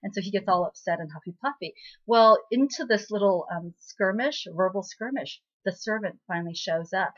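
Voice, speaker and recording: A woman's voice: medium pitch, normal speed. A woman hosting a casual spoken recap of a drama episode, chatty and full of fillers and asides. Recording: slightly muffled lo-fi recording.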